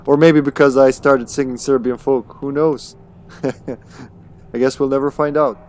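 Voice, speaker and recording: A man's voice: medium pitch, steady tone, slow pace, a little mellow. Casual swearing man streaming a game. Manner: casual, swears, chuckles, talks to himself. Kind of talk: live gaming commentary.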